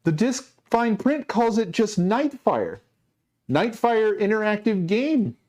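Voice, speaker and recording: A man's voice: high-pitched, sing-song, slow pace, darkish tone. Exasperated ranting male streamer. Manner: exasperated, mock-ranting to chat. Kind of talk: casual livestream chat.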